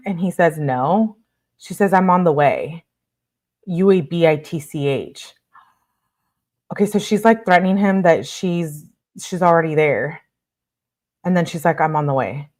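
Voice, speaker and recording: A woman's voice: low-pitched, normal speed, darkish tone. A young adult woman reading text messages aloud in a casual commentary, with blunt asides.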